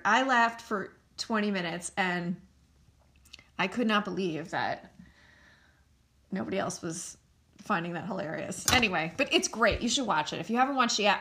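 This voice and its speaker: A woman's voice: mid-range voice, normal speed, bright, forceful tone. A young woman hosting a solo podcast, chatting in a candid, rambling way and swearing now and then. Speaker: podcast host. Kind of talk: solo casual chat.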